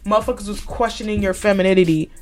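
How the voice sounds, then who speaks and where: A woman's voice: mid-range voice, fast. A podcast host, a woman, delivering a blunt, heated commentary rant, swearing constantly and scolding with repeated points.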